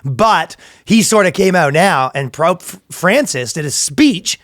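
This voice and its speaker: A man co-hosts a comedy podcast, riffing casually, laughing often and jumping into quick impressions. His voice sits a little high for a man, and the recording is close and dry. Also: animated, a bit bright, dry recording. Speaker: podcast co-host.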